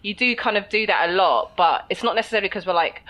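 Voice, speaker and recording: A woman's voice: mid-range voice, quick pace, few pauses, a bit bright. A woman with a London accent co-hosting a podcast, chatting casually and laughing often. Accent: London English. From England. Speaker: podcast co-host. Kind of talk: casual chat.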